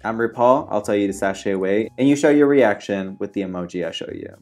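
A man's voice: on the low side, fast talker, darkish tone, faint music behind. A man hosting a podcast, teasing his guest in a playfully blunt way. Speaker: podcast host. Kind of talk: casual chat.

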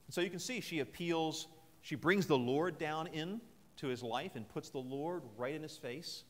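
A man's voice: a little high, moderate pace. A man preaching a sermon at a military chapel service, retelling a scripture story in an earnest, conversational way. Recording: long chapel reverb.

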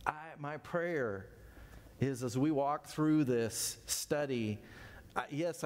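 A man's voice: mid-range voice, a little mellow. A man in his fifties teaching a Bible study in a folksy, conversational way, with self-deprecating asides. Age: 50s.

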